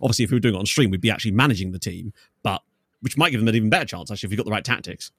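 A man's voice: on the low side, expressive, rapid-fire, a bit bright, slightly rough, no room sound, clean studio sound. A man talking as a podcast guest, explaining his game ideas in long, enthusiastic, rambling stretches. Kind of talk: casual podcast chat.

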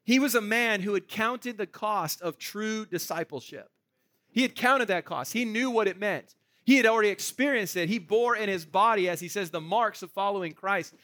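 High, bright-voiced pastor preaching. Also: male voice, moderate pace, no room sound. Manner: conversational, asks the room "right?". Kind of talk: sermon.

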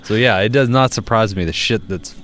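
A man's voice: fairly low pitch, brisk, soft background music. A young man, co-hosting a podcast in casual chat and telling stories with plenty of swearing. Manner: animated storyteller, swears freely. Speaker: podcast co-host.

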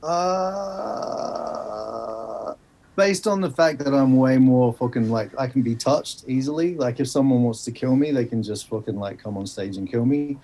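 A man's voice: medium pitch, normal speed, dark tone. A man, a podcast guest on a video call, chatting casually, laid back, swearing a lot and trailing off with a laugh.

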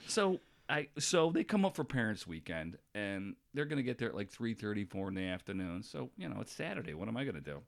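A man's voice: on the low side, brisk, vocal fry, few pauses. A middle-aged man hosting a podcast, telling stories in casual chat with lots of laughter. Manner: animated, laughing storyteller. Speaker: podcast host.

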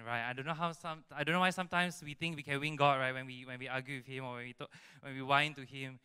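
Animated Singaporean man preaching, bright voice. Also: medium pitch, fast, few pauses, smooth. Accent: Singaporean English. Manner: animated preaching with frequent "right?" and "you know" tags. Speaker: youth preacher. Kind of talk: sermon. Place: church service hall.

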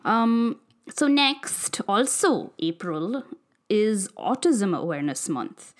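A woman's voice: mid-range voice, sing-song, slow pace. Chatty woman podcast co-host. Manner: chatty, reads notes aloud, candid. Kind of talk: casual chat. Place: home studio in Vancouver.

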